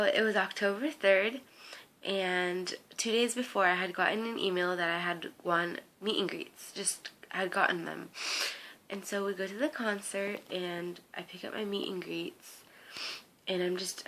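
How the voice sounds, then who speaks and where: A young woman telling a personal story to camera, excited and rambling, with many "like"s and restarts, earnest and heartfelt. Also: medium pitch, measured pace. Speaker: fan site runner.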